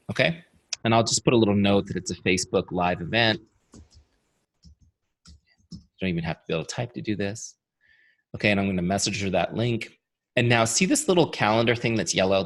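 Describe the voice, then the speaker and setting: A man with a tired, fading voice gives an energetic webinar training, chatty and full of rhetorical questions. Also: fairly low pitch, quick pace. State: losing his voice. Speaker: software founder giving a training webinar.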